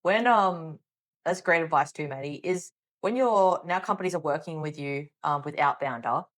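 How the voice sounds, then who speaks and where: A woman hosts a podcast and asks her guest long, eager, winding questions. Her voice sits low for a woman. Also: normal speed. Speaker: podcast host. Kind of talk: interviewing a guest.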